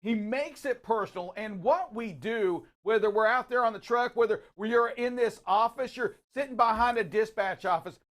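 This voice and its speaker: A man hosting a live talk show, giving energetic, preachy encouragement. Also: high voice. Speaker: show host.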